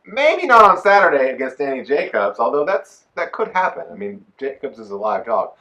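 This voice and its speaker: A man co-hosting a casual boxing chat show, giving emphatic, animated opinions. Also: a little high, moderate pace, dull audio. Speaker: co-host. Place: Texas.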